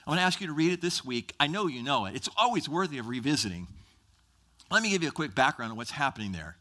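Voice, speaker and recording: A man's voice: on the high side, sharp tone. A man preaching a sermon in a church, teaching from Scripture and acting out the voices of Bible characters. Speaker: pastor.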